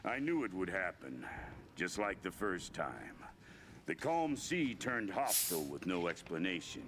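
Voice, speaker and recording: Deep, measured game narrator: a grim cult leader writing his journal. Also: sing-song, noisy background, heavily acted. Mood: solemn. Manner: slow, measured, solemn.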